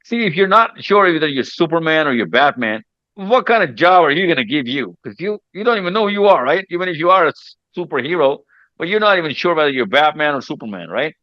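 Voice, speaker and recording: A man's voice: a little high, sing-song, fast talker, dry recording, highs cut off. A man hosting a casual group chat with teenagers, teasing and reassuring them and often repeating himself. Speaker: mentor hosting a session with teenagers.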